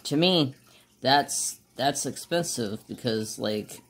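A man's voice: mid-range voice, measured pace. A man hosting a crafting channel, chatting casually while he works and often losing his train of thought.

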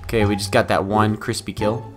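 A young man giving live commentary over his own video game match, muttering one moment and shouting the next. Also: on the low side, fairly quick, music in the background. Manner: excitable, swings from mutters to loud outbursts. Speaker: gaming YouTuber.

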